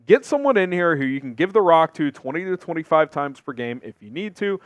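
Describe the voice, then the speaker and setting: A man hosting an opinionated sports talk show, talking emphatically with big swings in pitch and volume. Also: big pitch swings, fairly quick, dry recording, soft background music.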